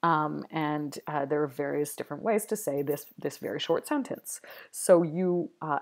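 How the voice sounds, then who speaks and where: A woman's voice: deep voice, vocal fry, darkish tone. A woman giving a recorded university lecture, thinking aloud with frequent ums, uhs and restarts. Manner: hesitant, many ums and restarts.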